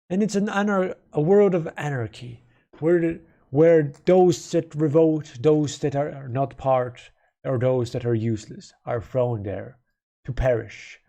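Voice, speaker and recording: A man live-streams casual commentary, rambling through game lore and correcting himself as he speculates. His voice is fairly high in pitch, creaky, and dark in tone, and he speaks at a measured pace.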